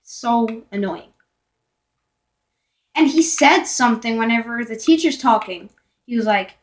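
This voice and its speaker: A woman's voice: fairly high pitch, expressive, a little slow, long pauses. A young teenage girl telling a storytime vlog in a rambling way, full of fillers, self-corrections and whispered asides. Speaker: vlogger.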